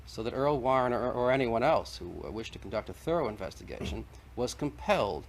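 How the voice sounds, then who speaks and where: His voice sits at medium pitch, animated and a touch quick, with a little hiss or hum underneath. As a guest on a 1960s broadcast debate, he argues doggedly and sets out evidence point by point.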